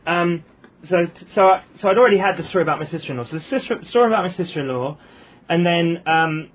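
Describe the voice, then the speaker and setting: A man's voice: fairly high pitch, quick pace, highs cut off. A man with a posh British accent, a comedian guest telling wry anecdotes in casual chat, full of ums and restarts. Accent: posh British English.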